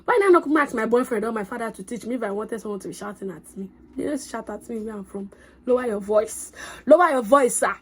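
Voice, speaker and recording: Excitable woman vlogger, husky. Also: on the high side, fast, few pauses. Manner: excitable, animated, chatty. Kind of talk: casual storytelling vlog.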